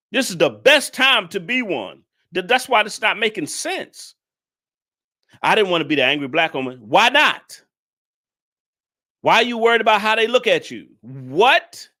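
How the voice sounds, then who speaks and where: A man hosting a reaction video, talking straight to his audience in an exasperated, emphatic way. His voice sits fairly high and bright. His delivery is lively, with wide swings in pitch. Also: measured pace. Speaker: channel host reacting to a clip. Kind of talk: casual reaction commentary.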